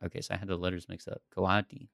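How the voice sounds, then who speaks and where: Low voiced guy on a podcast, laid back rambly chat, dry close mic. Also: quick pace, vocal fry, no room sound. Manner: relaxed, laughs often, rambling. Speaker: podcast co-host. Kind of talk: casual chat about a TV series.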